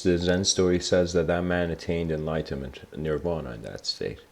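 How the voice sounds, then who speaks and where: A man giving a livestreamed spiritual talk, telling stories reflectively and slowing down for emphasis. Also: low-pitched, darkish tone. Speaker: spiritual lecturer.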